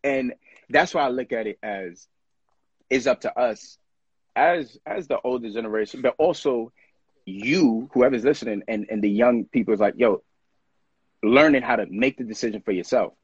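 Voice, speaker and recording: A man with a mid-range, slightly rough voice speaks at normal speed in a dry, lo-fi recording. In a casual podcast conversation, he earnestly reflects on friendship and feelings, acting out what other people say.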